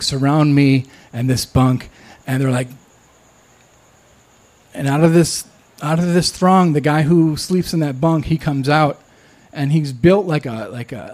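A man telling a true personal story, candid and self-deprecating, often pausing and restarting. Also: mid-range voice, a little mellow.

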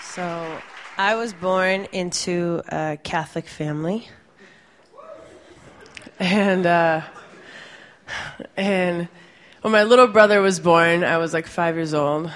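A woman's voice: lowish voice, fairly even intonation, takes it slowly, long pauses, fairly bright tone, some chatter behind. A woman telling a personal story on stage, conversational and amused, laughing as she goes. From Puerto Rican family.

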